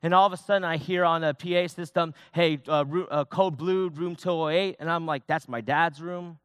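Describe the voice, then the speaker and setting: A man's voice: on the high side, fairly even intonation, brisk, fairly bright tone, smooth, dry recording, studio quality. A young man, a youth pastor, preaching a sermon in a personal, conversational way, often restarting his sentences.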